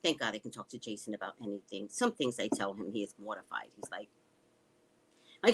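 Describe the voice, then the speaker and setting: A woman's voice: very deep voice, a little fast, husky. A woman hosting a casual live stream from home, telling stories sarcastically, swearing often and reading viewer comments aloud. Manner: sarcastic, animated storytelling with frequent swearing.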